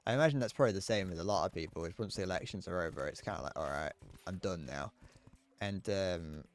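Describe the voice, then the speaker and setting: A man's voice: deep voice, fast. A man chatting casually while streaming a game, rambling, swearing, and stammering through restarts. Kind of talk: casual live-stream chat while gaming.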